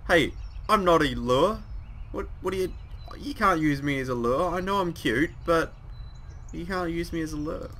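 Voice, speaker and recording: A man doing a bubbly, high-pitched teenage girl. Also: lively intonation, normal speed, bright, forceful tone, exaggerated voice. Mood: excited. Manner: bouncy, eager. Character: excitable cute teenage girl, bubbly and pushy. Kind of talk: reading game dialogue aloud.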